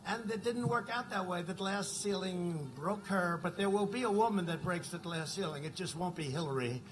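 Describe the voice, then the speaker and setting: Over heavy background noise, a man whose voice sits high speaks at normal speed in a rally speech. He rambles and repeats, checking in with the crowd again and again by asking "right?"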